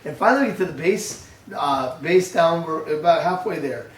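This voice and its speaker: An older man, a pastor, giving a sermon with lively storytelling, acting out his grandson's voice. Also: a little high, normal speed, few pauses. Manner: storytelling, animated, acts out a toddler's voice. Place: church. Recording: echoey church room heard from a distance.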